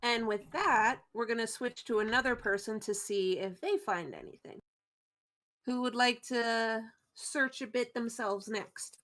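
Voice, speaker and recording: A woman's voice: on the high side, measured pace, a bit bright. A woman narrating a tabletop game as game master, loose and chatty with frequent fillers.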